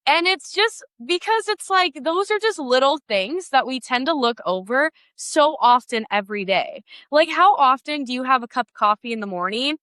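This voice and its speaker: A woman's voice: fairly high pitch, sharp tone, clean tone, no room sound. A young woman hosting a solo podcast in a casual, bubbly, gushing way with lots of filler words. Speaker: podcast host.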